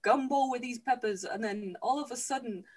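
A woman's voice: on the high side, normal speed. A woman host retelling a movie plot for laughs, chatty, laughing often and swearing casually. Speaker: podcast host. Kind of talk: comedic movie recap.

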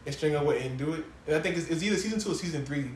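A man talks fast and loose, cursing freely as he chats with a friend about TV shows. His voice sits a bit high. The room is echoey and has a faint background hum. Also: animated, a little mellow. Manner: fast, slangy, swears freely. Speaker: podcast co-host. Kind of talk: casual chat about TV shows.

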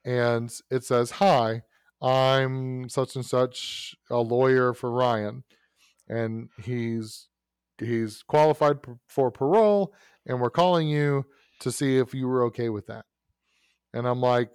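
A man's voice: medium pitch, a little slow, clean tone, no room sound. Man telling a story, dry close sound. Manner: animated storyteller, lots of fillers and restarts. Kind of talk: casual storytelling chat.

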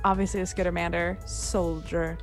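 A woman's voice: fairly low pitch, little pitch movement, moderate pace, soft background music. A woman player on a tabletop game podcast, chatting in a playful, giggly way. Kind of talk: casual podcast chat.

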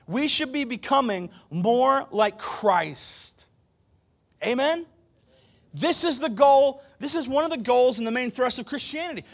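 A man preaching a sermon to a live church congregation, emphatic and conversational, dropping from loud declarations into quiet, joking asides. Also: very high voice. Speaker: pastor.

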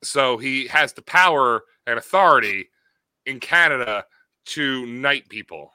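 A man co-hosting a casual podcast chat, sarcastic and animated, swearing freely. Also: mid-range voice, unhurried, clear, resonant tone, dry recording, rough recording. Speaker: podcast co-host.

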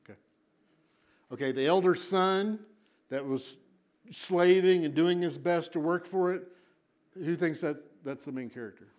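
A male preacher with a fairly high voice tells a story to a congregation. He repeats words for emphasis and moves between booming lines and quiet asides. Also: a little slow, pauses often. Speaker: pastor. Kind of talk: sermon.

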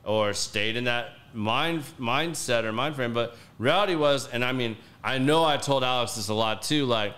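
A man hosting a podcast, telling stories in a casual, profane, animated way. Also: mid-range voice, normal speed, hardly any pauses. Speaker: podcast host.

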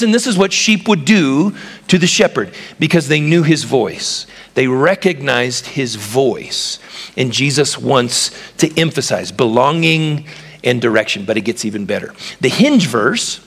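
A man's voice: a little high, fairly bright tone. A man preaching a sermon, teaching step by step and putting questions to his listeners. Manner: teaching, asks the congregation questions, builds emphasis with lists. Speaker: pastor. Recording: long hall reverb.

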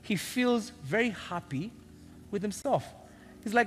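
A man preaching a sermon, animated and joking as he teases his congregation. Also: high-pitched, a little slow, faint music behind. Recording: long reverb of a big hall.

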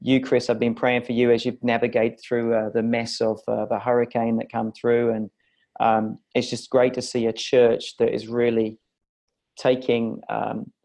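A man's voice: medium pitch, monotone, moderate pace, gravelly, darkish tone. A man from a church's parenting ministry, speaking as an earnest, encouraging interview guest.

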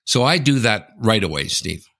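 Gravelly, animated man telling a story. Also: normal speed. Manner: animated storyteller, keeps saying the host's name, mimics others in a high voice. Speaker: podcast co-host. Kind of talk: casual sports podcast chat.

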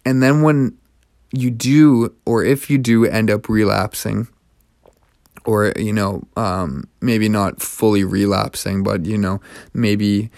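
A man's voice: fairly low pitch, steady tone, slow, vocal fry, a little mellow, no room sound, clean studio sound. A young man hosting his own podcast, speaking earnestly and encouragingly in a reflective personal monologue. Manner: earnest and encouraging, with many restarts. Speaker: podcast host.

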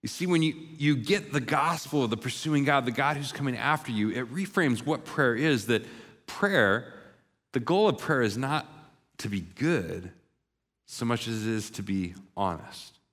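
A pastor delivers a sermon, recounting a story and performing the voices of its characters. His voice is medium-pitched, animated and fairly bright, moving at a moderate pace. The recording carries the long reverb of a large hall.

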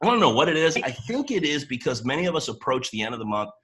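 Energetic man hosting a team call. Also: a little high, quick pace, poor audio. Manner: energetic, rambling, excitable. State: early-morning voice. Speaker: host of a coaching boot camp. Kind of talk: upbeat livestream talk to a team.

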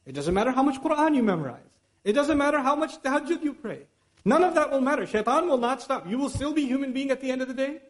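A middle-aged man, giving a sermon and acting out the excuses people tell themselves. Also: sits high. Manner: animated, acts out the inner voices and excuses of listeners. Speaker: Islamic teacher.

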